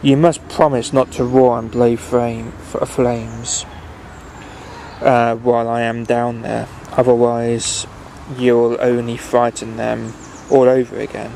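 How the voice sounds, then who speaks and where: A man's voice: medium pitch, flat delivery, takes it slowly, vocal fry, dark tone, slight background noise. A man reading a storybook aloud and voicing a kindly but firm little man who talks a dragon round. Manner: coaxing, firm. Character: kindly, stern little old herbalist man.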